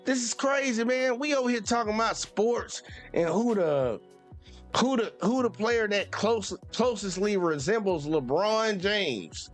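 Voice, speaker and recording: A man's voice: high voice, lively intonation, unhurried, soft background music. A man hosting a sports channel, ranting heatedly and profanely with speech. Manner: profane, exasperated, repetitive. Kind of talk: heated live-stream rant.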